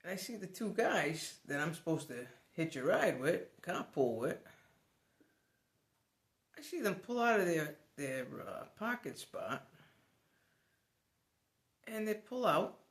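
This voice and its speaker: Animated man telling a story. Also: high-pitched, takes it slowly, pauses often, echoey room. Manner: animated, swears, laughs as he tells it. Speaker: vlogger. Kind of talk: casual storytelling.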